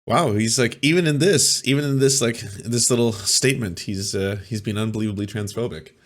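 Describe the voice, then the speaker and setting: A man's voice: medium pitch, brisk. A man hosting a reaction commentary, sarcastic and mocking in his asides. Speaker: commentary host.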